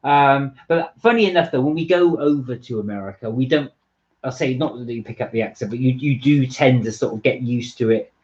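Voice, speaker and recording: A man with a softened West Country accent, co-hosting a live stream in easygoing casual chat. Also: mid-range voice, brisk. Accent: West Country English, softened. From West Country, England. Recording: dull lo-fi stream audio.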